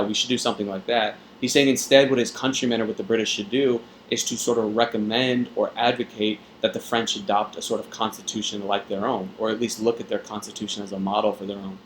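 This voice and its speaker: A man with a fairly low voice talks a student through a reading passage like a tutor. He keeps it conversational, with plenty of fillers and tag questions. A faint hum of room noise sits behind him. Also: poor audio. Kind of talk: test-prep reading explanation.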